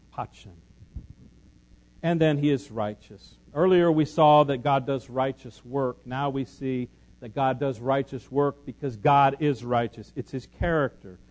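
A man preaching a sermon, moving between loud emphatic declarations and soft conversational teaching. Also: mid-range voice, slight background noise. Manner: shifts from loud scripture and sung lines to soft conversational teaching; lively, emphatic preaching with repetition and humor. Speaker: pastor.

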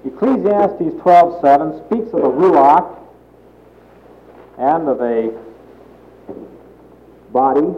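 A man preaching a Bible sermon in a deliberate way, stressing key words as he reads and explains scripture. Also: fairly high pitch, animated. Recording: tinny echoey old recording with faint hiss.

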